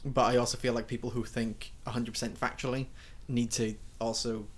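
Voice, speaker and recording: A man's voice: mid-range voice, flat delivery, fairly quick. A man co-hosting a podcast, talking earnestly about feelings in a rambling way full of fillers. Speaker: podcast co-host. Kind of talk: casual chat.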